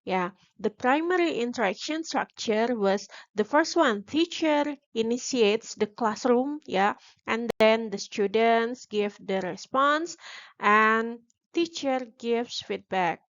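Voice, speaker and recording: A young Indonesian-accented woman gives a slow, deliberate academic presentation, often pausing and restarting her sentences. Her voice sits a little high. The recording sounds muffled and lo-fi. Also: expressive, no room sound. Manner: halting, with frequent restarts and fillers. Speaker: graduate student presenter.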